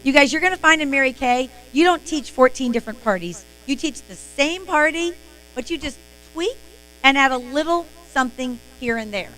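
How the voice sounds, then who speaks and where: A woman's voice: sits high, animated, moderate pace, sharp tone, low-quality recording. A woman hosting a live-stream sales training, talking in an emphatic, motivational way.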